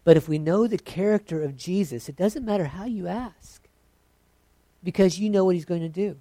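A preacher delivers a sermon in a relaxed, conversational way, poking fun at their own habits. The voice sits mid-range and sounds close and dry, with no room echo. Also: mid-range voice, normal speed. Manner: conversational, self-deprecating, mimics prayers.

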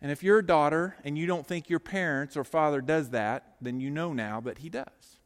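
High-voiced middle-aged pastor preaching. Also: male voice, moderate pace, long reverb tail. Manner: lively, joking storyteller who talks straight to the congregation. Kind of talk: sermon. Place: church sanctuary.

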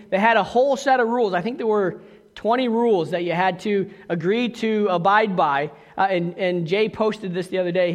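A man's voice: sits high, big-room sound. A man preaching a sermon as pastor, talking conversationally with asides and questions to the congregation.

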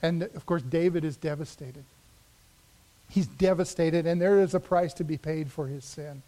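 A pastor with a high, light voice preaches from the pulpit at normal speed, telling the story dramatically. He sinks to a near hush for emphasis, then builds back up.

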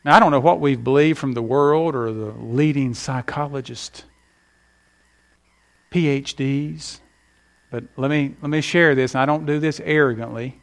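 A man's voice: mid-range voice, normal speed, creaky. A middle-aged man preaching a sermon with emphatic delivery and folksy stories. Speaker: pastor.

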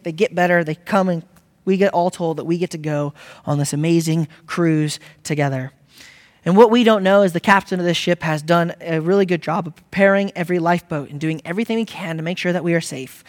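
Man preaching, high voice, long hall reverb, quiet to loud exhortation. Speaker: pastor. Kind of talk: sermon.

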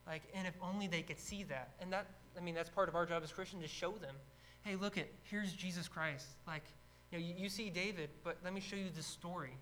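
A man teaching a casual Bible study, retelling stories with energy and acting out shouted lines. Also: high voice, fairly even intonation, brisk, slight background noise, rough recording.

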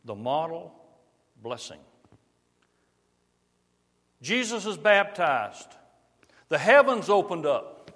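A middle-aged man preaches with a lively, rising-and-falling delivery, his voice a little higher than most men's. He swings from full projection down to near-quiet, slow emphasis. The long reverb of a large hall trails every phrase. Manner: varies loudness widely, drops to soft slow emphasis. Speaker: pastor. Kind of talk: sermon.

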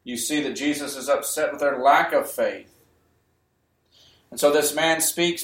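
A man's voice: on the high side, fairly even intonation, moderate pace, fairly bright tone. A man preaching a sermon, emphatic and repeating key phrases, sometimes raising his voice. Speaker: pastor. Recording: echoey room.

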